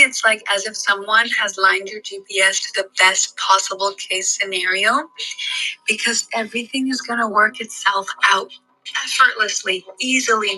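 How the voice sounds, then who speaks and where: A woman's voice: on the high side, pushed and bright, breathy edge, rough recording. A woman talking to the camera in an eager, affirming way, giving self-help advice. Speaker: online advice creator. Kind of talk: upbeat self-help talk.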